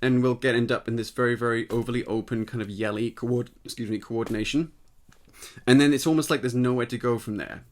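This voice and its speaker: A man giving a casual spoken singing lesson, explaining step by step and checking in with the listener, his voice tired and slightly husky. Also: mid-range voice, fairly even intonation, quick pace. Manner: explanatory, conversational, often checks in with "right?". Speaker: voice teacher.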